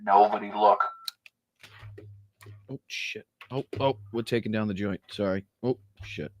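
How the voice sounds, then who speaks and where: A man's voice: fairly low pitch, moderate pace, a little hiss or hum. A man hosting a livestream, reacting to news clips with mocking, profane commentary and frequent laughter. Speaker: livestream host.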